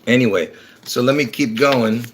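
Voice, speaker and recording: Guy rambling on his livestream, bit slurry from dentures, repeats stuff then gets all worked up, mid-pitched voice. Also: moderate pace, slight background noise. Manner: rambling, repeats himself, bursts into excited emphasis; chuckles at his own slips. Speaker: livestream host. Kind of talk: rambling religious livestream talk.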